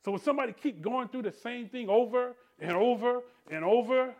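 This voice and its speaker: A male pastor preaching a sermon in church, calling out to the congregation and swinging between hushed tender asides and shouted refrains. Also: very high-pitched, brisk. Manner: preaching with call-and-response, rising to shouts; drops to soft tender voice for quoted lines.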